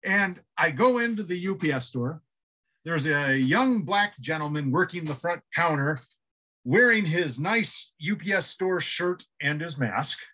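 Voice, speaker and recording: A man's voice: a little high, lively intonation, measured pace, bright, forceful tone, breathy edge, rough recording. A middle-aged man giving a casual, chatty tutorial and telling a story in an upbeat way, speaking from a home office into a computer microphone. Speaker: productivity trainer.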